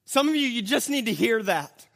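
A man's voice: very high voice, moderate pace, creaky. A man preaching a sermon in a conversational style, telling the story with animation and breaking off to restart sentences. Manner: animated storytelling, acting out the characters. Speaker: pastor.

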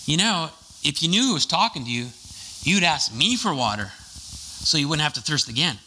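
A preacher voicing a calm, gentle teacher speaking kindly at a well, in his own voice. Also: fairly high pitch, normal speed, slight background noise, heavily acted, low-quality recording. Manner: calm, kind.

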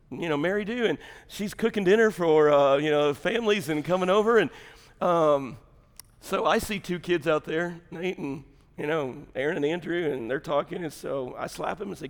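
A man's voice: a little high, moderate pace. Middle-aged guy preaching, jokey storytelling sermon, laughs a lot, echoey church. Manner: humorous, chatty, laughs often. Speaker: pastor. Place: church sanctuary.

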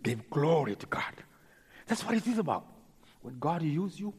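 Husky preacher with a lively voice. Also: male voice, a little high. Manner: dramatic, acts out the people in his stories; halting, repeats words. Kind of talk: sermon storytelling. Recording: long hall reverb.

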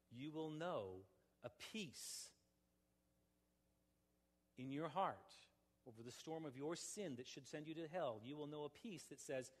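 A man preaching to a congregation, his voice set a little high for a man. He moves between urgent, forceful proclamation and hushed, pleading appeals. The sound rings with a long hall reverb from the church room. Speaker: pastor. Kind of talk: sermon.

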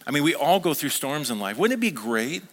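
A man's voice: fairly high pitch, big pitch swings, fairly quick, fairly bright tone. A man preaching a sermon as a pastor, talking conversationally and asking the congregation questions.

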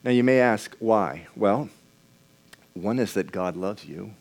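A man's voice: fairly low pitch, animated, takes it slowly, darkish tone. A man preaching a sermon in a conversational way, asking the congregation questions and often repeating and restarting words.

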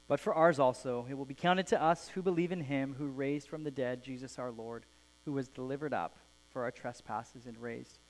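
A man's voice: medium pitch, a little hiss or hum, poor audio. Earnest male pastor preaching. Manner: earnest, falls soft at phrase ends. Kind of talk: sermon with a read-aloud story. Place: church.

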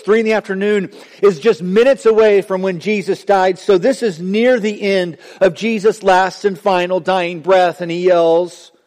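Male preacher, high tenor voice, dramatic swings from hushed to impassioned, sermon in a church with long hall echo. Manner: dramatic preaching, voice rising and dropping sharply. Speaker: pastor.

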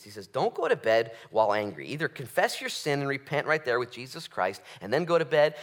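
A man preaching a sermon as pastor, acting out quick quoted voices and swinging from loud outbursts to hushed lines. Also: mid-range voice. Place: church sanctuary.

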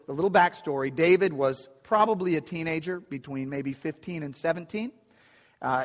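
A man preaching a sermon, retelling a scripture story in a conversational way with vivid asides. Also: a little high. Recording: echoey hall.

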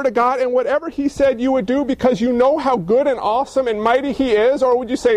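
A man's voice: very high voice, fairly even intonation, fast talker, hardly any pauses. A male pastor preaching a sermon, joking and firing off rhetorical questions.

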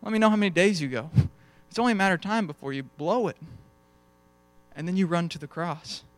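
A man's voice: sits high, animated, brisk, no echo. A young adult man preaching a sermon in a conversational storytelling way, acting out bits of dialogue as he goes. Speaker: pastor.

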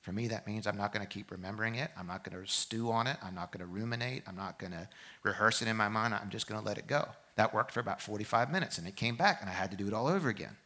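A man preaching a sermon as pastor. He swings from loud, urgent exhortation to quiet, reflective storytelling. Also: on the low side, fast talker. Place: church service.

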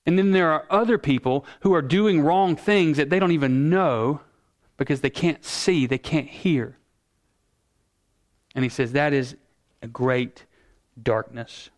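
A male pastor preaching a sermon in an earnest, emphatic way, slowing down to stress key words. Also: a little high.

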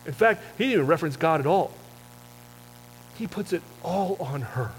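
A man preaching a sermon in a conversational storytelling way, often dropping soft and low for emphasis. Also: expressive, moderate pace, slight background noise, low-quality recording. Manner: self-described wordy talker. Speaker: pastor.

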